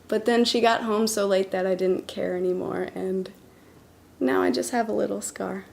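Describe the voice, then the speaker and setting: A woman's voice: mid-range voice, steady tone, normal speed, vocal fry, darkish tone, slight background noise. A woman casually telling a personal childhood story, chatty with fillers. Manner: chatty, with fillers and small laughs.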